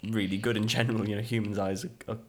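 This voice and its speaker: A man's voice: lowish voice, flat delivery, fast talker. A man co-hosting a casual chat who laughs often and stammers through restarts. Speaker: podcast co-host.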